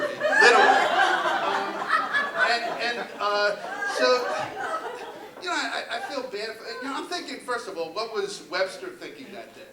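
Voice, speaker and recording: A man in his fifties doing a stand-up set, halting and full of ums and repeated words, recorded in a club with audience laughter. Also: high voice. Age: 50s. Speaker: stand-up comedian. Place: comedy club stage. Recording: roomy club sound from a distance with loud crowd.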